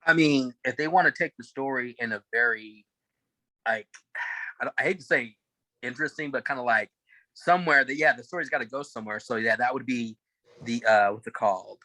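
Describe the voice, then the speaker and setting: A man co-hosting a casual TV review, relaxed and a little hesitant as he thinks things through out loud. His voice is bright, and the sound is dry and close-miked. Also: medium pitch, fairly quick, no echo, rough recording. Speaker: podcast co-host. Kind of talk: casual chat.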